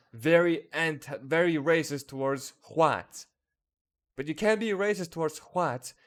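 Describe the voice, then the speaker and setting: A man giving an angry commentary rant as an online reviewer, heated and profane with bitter laughs. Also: fairly high pitch.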